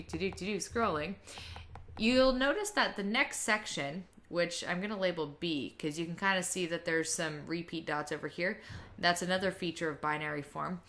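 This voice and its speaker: Lady piano teacher, kinda low voice, chatty, rambles a bit. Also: bright, forceful tone. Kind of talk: casual video lesson.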